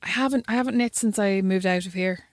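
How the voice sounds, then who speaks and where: A woman chatting casually and teasing her friend with a wry, offhand manner. Her pitch is a plain middle one. The recording is close and dry. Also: fast talker, dry recording. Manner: wry teasing, fills with "you know what I mean". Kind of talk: casual chat.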